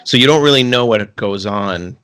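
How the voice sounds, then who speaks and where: A man with a fairly low voice talks loosely as a podcast co-host. He wanders through his points, restarting sentences and leaning on filler words. The tone is relaxed, casual chat. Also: moderate pace, clean tone. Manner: rambling, many restarts and "like" fillers.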